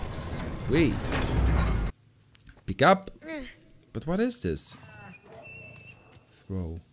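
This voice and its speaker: Excitable man with very lively pitch. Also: a little hiss or hum. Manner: excitable, loud exclamations and swearing. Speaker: gameplay commentator. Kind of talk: let's play commentary.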